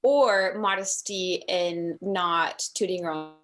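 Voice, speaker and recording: A woman's voice: on the low side, slow, fairly bright tone. A woman hosting a casual interview over a video call, asking friendly questions. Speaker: host.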